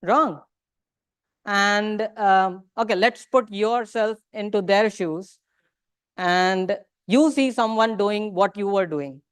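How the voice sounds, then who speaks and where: Smooth-voiced woman teacher. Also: mid-range voice, slow pace, no room sound, studio quality. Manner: questioning the audience, mixing in Hindi phrases. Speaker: religious teacher. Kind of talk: interactive lecture to a class. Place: temple lecture room.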